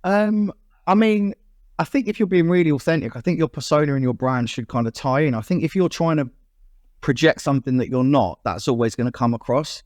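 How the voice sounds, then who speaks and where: Fast-talking man, casual chat. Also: on the high side, no room sound, studio quality. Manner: animated, chatty and frank. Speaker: podcast guest, MC and vocalist.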